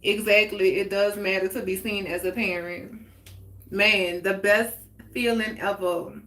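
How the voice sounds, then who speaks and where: A woman's voice: mid-range voice, steady tone, a little slow, a bit bright. A woman in her forties hosting a casual heart-to-heart talk stream, chatty and candid, answering viewers' comments aloud and laughing often. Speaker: host of a live talk stream. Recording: roomy echoey sound.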